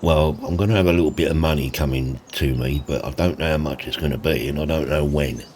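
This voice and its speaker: A man's voice: a bass voice, steady tone, fast talker, a little mellow, a little hiss or hum. A man, chatting in a casual farming roleplay, laid-back and saying mate a lot. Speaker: roleplay host. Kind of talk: casual roleplay narration and chat.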